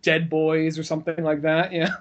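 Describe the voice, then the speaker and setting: A man's voice: fairly high pitch, completely flat delivery, moderate pace, muffled recording. A man chatting casually on a podcast, rambling with restarts, swearing often and laughing between thoughts. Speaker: podcast co-host or guest. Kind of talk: casual chat.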